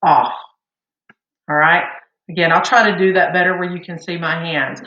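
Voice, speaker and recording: A woman teaching a vocal warm-up lesson, patiently counting beats aloud for her students. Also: on the low side, steady tone, brisk, highs cut off. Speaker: singing teacher. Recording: echoey room.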